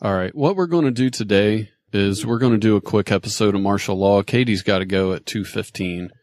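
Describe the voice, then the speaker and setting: Man podcast host, lowish voice, brisk organizer, dry sound. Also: darkish tone, dry recording. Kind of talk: casual chat.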